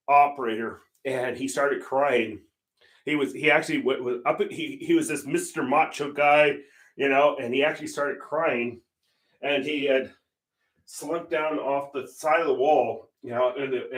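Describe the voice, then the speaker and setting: A man's voice: medium pitch, a bit bright, far from the mic. An older man hosting a painting livestream, telling stories in casual chat and laughing often. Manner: chatty storyteller, laughs often. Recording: roomy echo.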